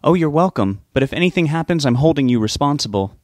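A man reading an audiobook, voicing a blunt, protective young woman friend with a sharp, sarcastic edge. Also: fairly high pitch, expressive, quick pace, no echo, studio quality, pitched above the performer's own voice, lightly acted. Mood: stern. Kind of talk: audiobook character voice.

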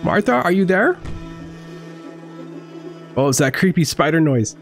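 Young man gaming streamer, excitable and swearing, very lively pitch, music playing faintly under him. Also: unhurried. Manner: excitable, swearing, joking to viewers. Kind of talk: live gameplay commentary.

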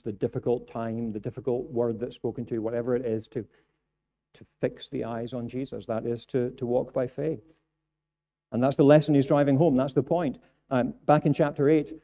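A Scottish man preaching a sermon in a church, moving between quiet reflective passages and raised, emphatic ones. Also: medium pitch. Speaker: pastor. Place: church sanctuary. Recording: dull lo-fi sound.

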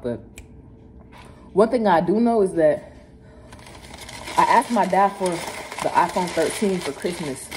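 A woman's voice: lowish voice, warm tone, slight background noise. A young woman with a Philadelphia accent, chatting loosely and with plenty of slang to her viewers in a casual vlog, filmed on a phone held at arm's length. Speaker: vlogger. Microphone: phone camera at arm's length. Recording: music playing clearly under the voice.

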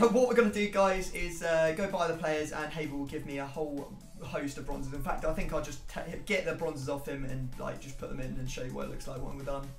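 A young man hosting a video game match with casual, excitable commentary that breaks into shouts and laughter. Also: a little high, fairly quick, vocal fry, few pauses, roomy sound, soft background music. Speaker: gaming YouTuber host.

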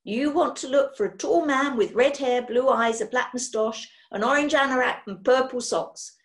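A woman voicing a brisk, prim young witch who talks in a commanding way. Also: high-pitched. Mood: matter-of-fact.

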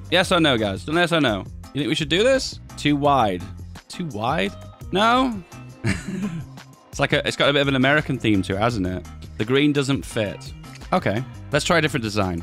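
A man's voice: medium pitch, fairly bright tone. A man hosting a casual video, chatting as he edits images, often asking viewers what they think and laughing at his own jokes. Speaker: video host. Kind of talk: casual commentary while editing images.

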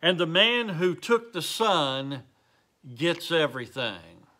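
A man's voice: a little high, sing-song, slow, pushed and bright, heavily acted. A man voicing a persistent male auctioneer calling for bids, formal and insistent, in a story.

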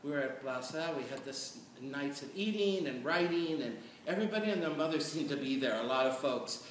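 A middle-aged man on a panel, telling stories in an animated, chatty way and checking in with "right?". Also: a little high, brisk. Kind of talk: storytelling on a panel. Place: large echoey hall at a panel event. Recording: echoey hall from far off, noisy.

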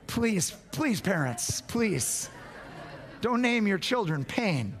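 Male pastor, high lively voice, impassioned sermon delivery with emphatic repetition. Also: slow, creaky, pauses often, slightly rough. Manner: impassioned, repeats words for emphasis, swings from loud to hushed.

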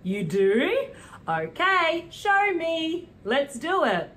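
Young British woman for kids' lessons, high, lively sing-song delivery. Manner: slow, sing-song and animated, gasps and cheers. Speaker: children's presenter. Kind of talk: preschool teaching.

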